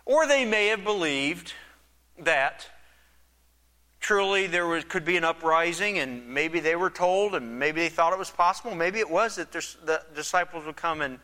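A man's voice: a little high, expressive, normal speed, pushed and bright, long reverb tail. A man preaching a sermon, conversational, imagining and acting out the dialogue of the story. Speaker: pastor.

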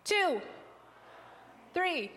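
High-voiced cheerful woman teaching a crowd. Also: big pitch swings, extremely slow, sharp tone, slight background noise. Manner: cheerful, teacherly, laughs often. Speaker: missionary presenter. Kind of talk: leading an audience exercise. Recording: long hall reverb.

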